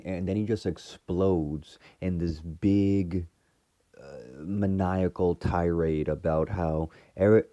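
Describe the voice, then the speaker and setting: A man's voice: low-pitched, mellow, dry recording. A man casually recapping a TV episode in a rambling way, full of fillers and restarts. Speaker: fan reviewer retelling a TV episode.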